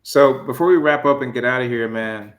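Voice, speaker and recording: A man hosting an interview, asking casual, unhurried questions. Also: mid-range voice, roomy sound, muffled recording. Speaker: host.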